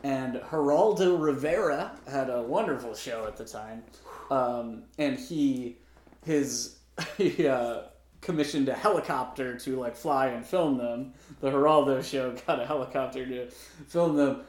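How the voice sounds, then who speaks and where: A man's voice: medium pitch, measured pace, a little mellow, reverberant. A man co-hosting a podcast, recapping a film in casual chat with wry, profane asides.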